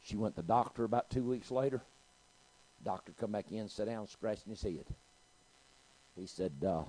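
A man's voice: lowish voice, normal speed, pauses often, dark tone, breathy edge, low-quality recording. A middle-aged man, preaching a sermon and telling a story, calling out to his congregation. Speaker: pastor.

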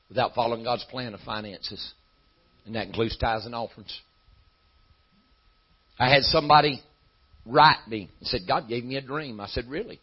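A man preaching a sermon in a folksy style that climbs into shouting. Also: medium pitch, breathy edge, muffled recording.

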